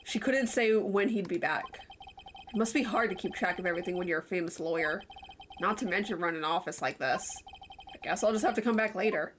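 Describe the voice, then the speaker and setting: A woman's voice: on the low side, brisk, slight background noise, pitched below the performer's own voice, lightly acted. A woman voicing a young male defense lawyer with a dry, wry way of thinking aloud. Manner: dry, wry inner monologue. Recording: game music playing behind.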